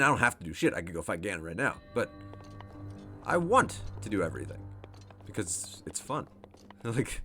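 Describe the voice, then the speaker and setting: A man's voice: on the low side, fairly bright tone. A man giving casual let's play commentary who thinks aloud, laughs often and swears freely. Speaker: game streamer.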